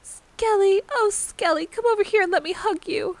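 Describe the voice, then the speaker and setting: A woman voicing a gentle, fussing elderly grandmother who dotes on her grandson. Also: very high-pitched, normal speed, no echo, voice pushed up. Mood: doting.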